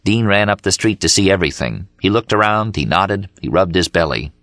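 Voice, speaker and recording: A man narrating an audiobook in a steady, measured reading. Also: low voice, no echo, clean studio sound. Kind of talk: scripted narration. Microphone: studio mic.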